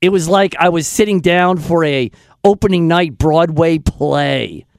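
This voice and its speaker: A man hosting a radio show, talking in an excitable, self-deprecating way. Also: on the high side, a little slow, creaky, no room sound, clean studio sound. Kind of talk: casual radio chat.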